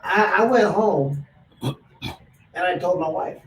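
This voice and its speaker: A man's voice: sits high, slow, pauses often. A male host chatting in an interview, telling stories and acting out the lines of people in them. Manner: storytelling, acts out quoted lines. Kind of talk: casual interview chat. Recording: roomy echo, distant mic, faint noise.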